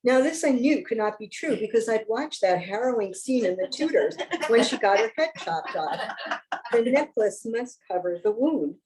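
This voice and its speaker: A woman author reading her own fiction aloud, with wry, expressive first-person narration. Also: a little high, normal speed, rough recording.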